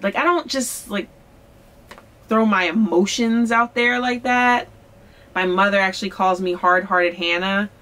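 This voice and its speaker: A woman's voice: mid-range voice, measured pace. Chatty woman vlogger from Philly. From Philadelphia, USA. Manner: chatty, candid, animated, quotes people in lively voices. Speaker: singer-songwriter vlogger. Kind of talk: casual storytelling to camera.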